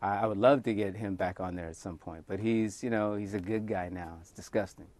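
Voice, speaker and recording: A middle-aged man, a talk show guest telling relaxed, wry stories. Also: fairly low pitch, brisk. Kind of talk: casual talk show chat.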